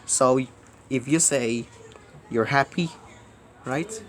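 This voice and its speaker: A man making a rambling direct-to-camera plea, repetitive and halting, swinging between loud outbursts and mumbling. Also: mid-range voice, animated. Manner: halting, restarts words often. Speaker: video creator.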